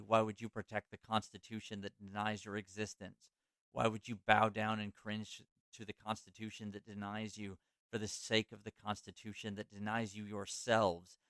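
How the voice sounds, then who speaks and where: A man reading aloud, dramatically, as a middle-aged male author haranguing soldiers from a balcony; his voice is low and smooth. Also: flat delivery, moderate pace, a bit bright, no echo, clean studio sound. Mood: declaiming. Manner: dramatic, declaiming read.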